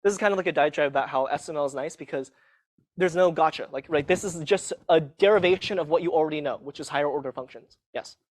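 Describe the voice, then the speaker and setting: In a lecture hall, a university lecturer with a slightly high voice talks fast through a live class. He keeps a casual, self-mocking tone and keeps checking in with "okay?".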